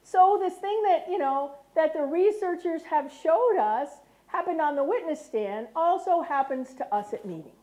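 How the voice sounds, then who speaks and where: A woman's voice: very high-pitched, lively intonation, moderate pace, hardly any pauses, dark tone. A middle-aged American woman giving a lecture, often checking in with the audience by asking "right?". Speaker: speaker. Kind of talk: lecture talk.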